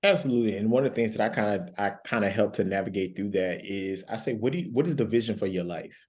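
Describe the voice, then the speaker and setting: A man's voice: on the low side, fast talker, a little mellow. A man speaking as a guest life coach on a panel, telling stories earnestly and repeating key phrases for emphasis. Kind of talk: panel discussion, storytelling.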